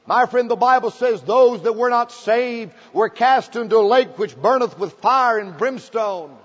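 A man preaching a revival sermon, telling folksy stories and building to fervent shouting. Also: very high voice, unhurried. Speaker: pastor. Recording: muffled old recording in a large hall.

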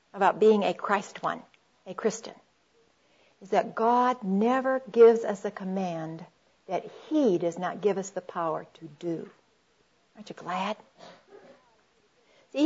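A middle-aged woman giving a sermon-style talk on Christian marriage, earnest and warm, calling her audience friends and quoting scripture. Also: mid-range voice, dull audio.

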